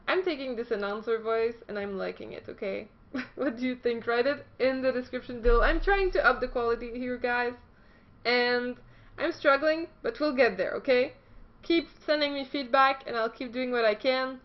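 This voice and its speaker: A chatty woman hosts a casual news vlog with a high, light voice. She reads her notes aloud, stumbling and joking at her own expense. The recording is dull and lo-fi. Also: moderate pace. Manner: chatty and self-deprecating, stumbles while reading. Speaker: esports news host.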